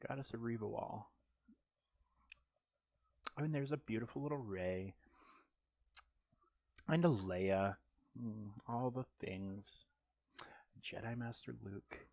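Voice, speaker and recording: A man's voice: on the low side, slow pace, creaky, pauses often, a little mellow, dry recording, highs cut off. A man streaming a mobile game live, chatting casually and joking, rambling with frequent ums and restarts.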